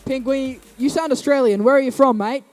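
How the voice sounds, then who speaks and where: A young man commentates a robotics match with jokey, rambling quips. His voice is strikingly high for a man. Faint music plays behind him. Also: fairly even intonation, a little fast, darkish tone. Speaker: event commentator.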